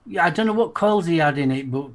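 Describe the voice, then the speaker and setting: A relaxed Yorkshire man with a slightly raised voice, chatting easily among friends. He reflects on things at an unhurried, conversational pace. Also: a little high. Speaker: podcast co-host. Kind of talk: casual chat.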